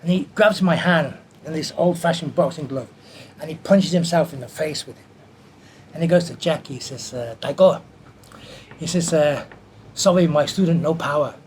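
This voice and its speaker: A man telling a lively anecdote from his film career in an interview, acting out the quoted voices as he goes. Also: on the high side, moderate pace, slight background noise. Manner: animated anecdote teller who acts out quotes. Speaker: martial artist and film stunt performer. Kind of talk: storytelling in an interview.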